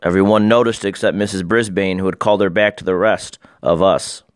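A man giving expressive first-person storybook narration as an audiobook narrator. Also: low voice, a little fast, dry recording, clean studio sound.

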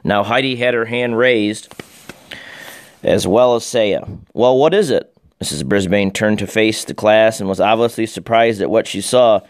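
A man giving expressive first-person storybook narration as an audiobook narrator. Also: on the low side, normal speed, no room sound, studio quality.

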